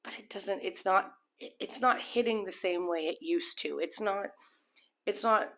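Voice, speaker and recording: A woman's voice: mid-range voice, unhurried, fairly bright tone. A woman giving a casual, rambling tarot reading to camera, full of restarts and fillers, sometimes acting out what people might be thinking. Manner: acts out imagined people's thoughts. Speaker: tarot reader.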